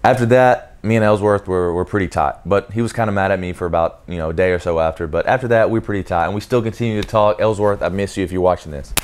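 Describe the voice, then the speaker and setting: A young man and Navy sailor talking casually to camera, telling stories with animated energy and speaking directly to viewers. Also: sits low, quick pace, hardly any pauses. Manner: animated, acts out shouted commands mid-story; talks straight to viewers with repeated "okay?".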